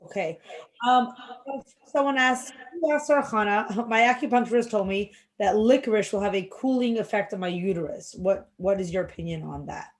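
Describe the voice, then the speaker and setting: A woman's voice: mid-range voice, moderate pace, poor audio. A woman moderating an online class, reading audience questions aloud in a chatty way. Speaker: event moderator.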